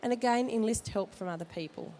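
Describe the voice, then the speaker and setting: Woman, midwife, head cold, mellow voice, joking advice, expo hall, faint background noise. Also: a little high, brisk. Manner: chatty, jokey, direct advice. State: has a cold. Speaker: midwife speaker at a baby expo. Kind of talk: informal talk to expectant parents.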